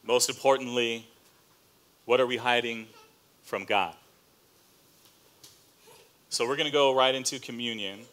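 A male pastor preaches in a casual storytelling way, loose and chatty with slang asides. His voice sits at a middle pitch with a bright, forceful edge. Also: steady tone, measured pace, pauses often. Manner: conversational, with fillers and slang asides. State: choked up near the end.

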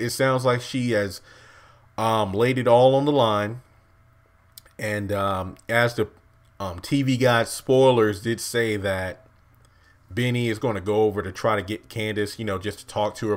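A man recapping a TV episode in an excited, rambling, emotional way, addressing his viewers directly. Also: on the low side. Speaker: TV show recap vlogger.

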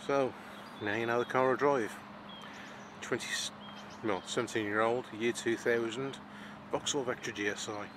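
A young man from Wolverhampton, England, with a West Midlands accent, vlogs shyly to camera from a parked car, hesitating and restarting with many fillers. His medium-pitched voice has fairly even intonation at a moderate pace, with some background noise.

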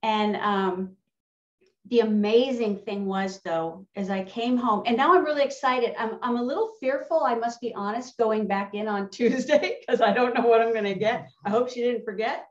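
A woman's voice: a little high, normal speed. Woman telling a story from a distance. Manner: animated, reenacts conversations in her story. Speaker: church member sharing a testimony. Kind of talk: casual storytelling testimony. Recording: distant, roomy, dull sound.

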